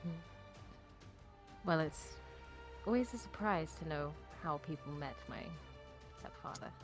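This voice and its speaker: A woman playing a character in a tabletop game, speaking in a polite and unhurried way. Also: deep voice, animated, faint music behind. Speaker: player.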